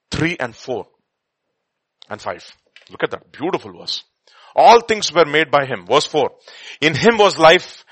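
A man preaching a sermon, quoting scripture and hymns, swinging between loud emphatic bursts and quiet murmurs. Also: medium pitch, no room sound. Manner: quotes scripture and hymn lines, chuckles between points.

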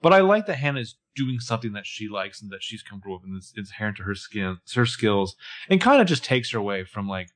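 A man's voice: fairly low pitch, very animated, quick pace, a bit bright. A man co-hosting a podcast, casually recapping a TV episode and jokingly acting out characters' lines. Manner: jokey, acts out characters' lines in passing. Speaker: podcast co-host.

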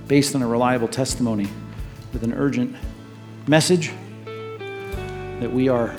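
A man pastor preaching a sermon, telling stories with lively rises and hushed drops in his voice. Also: mid-range voice. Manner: animated storytelling, rises and drops in volume.

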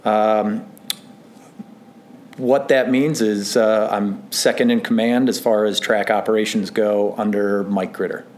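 Rambling, self-deprecating low-voiced man. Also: fairly even intonation, measured pace, darkish tone, a little hiss or hum. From northern Illinois, USA. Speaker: interview guest, assistant track manager. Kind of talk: casual interview chat. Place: tower room at a country club, indoors.

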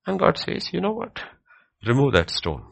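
A man with a gravelly voice and wildly swooping pitch preaches at normal speed during a question-and-answer teaching session. He is emphatic, repeats key phrases, and builds from a low murmur up to ringing peaks.

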